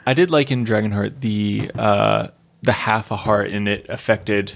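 A man's voice: lowish voice, steady tone, unhurried, creaky. A man co-hosting a casual podcast chat, joking around and repeating phrases for comic emphasis. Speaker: podcast co-host.

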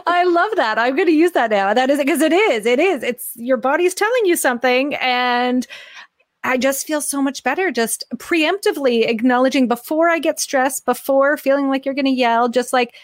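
An enthusiastic middle-aged woman hosts a conversational interview, her voice sitting a little high. She thinks aloud in long, winding questions, and the sound is close and dry with no room around it. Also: normal speed, no echo. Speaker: podcast host.

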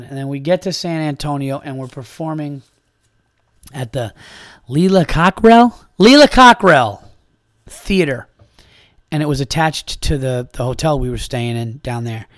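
A man hosting a podcast, telling a rambling, profane comedy story in a casual, animated way. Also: mid-range voice, no room sound, studio quality.

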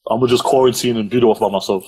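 A young man co-hosting a podcast over a phone live stream, teasing and animated. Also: medium pitch, slightly rough, low-quality recording. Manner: animated, teasing, quick to laugh. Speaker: podcast co-host. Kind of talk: casual chat. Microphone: phone on an Instagram live stream.

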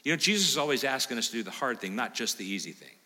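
A man's voice: medium pitch, very fast. A man preaching a sermon as pastor, talking straight to the congregation, quizzing them and acting out what they might say. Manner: animated, plays out imagined listener lines, quizzes the congregation. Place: church sanctuary. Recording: long hall reverb.

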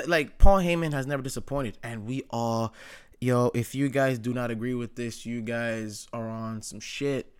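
A man's voice: mid-range voice, smooth. A man hosting his own show, chatting casually and opinionatedly, with lots of "like", slang and swearing. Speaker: wrestling commentary host. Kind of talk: casual chat.

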